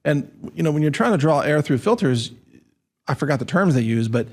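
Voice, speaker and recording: A man's voice: a little high, animated, brisk, a little mellow. A man hosting an interview, thinking aloud and restarting his words as he asks questions. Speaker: interview host. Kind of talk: interview conversation.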